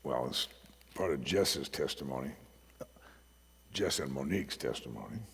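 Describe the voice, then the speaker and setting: A middle-aged man preaching a sermon as a pastor, telling a story that swings from hushed asides to loud emphasis. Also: a bass voice, expressive, moderate pace, creaky, breathy edge. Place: church sanctuary. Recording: long hall reverb.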